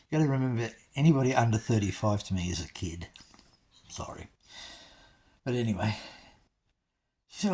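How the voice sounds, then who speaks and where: An older man in his sixties rambles through a casual vlog story, slipping in self-mocking asides to the viewer. His voice is husky and breathy, and his pitch sits at an ordinary middle level for a man. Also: lively intonation, moderate pace, long pauses, darkish tone. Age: 60s. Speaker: vlogger.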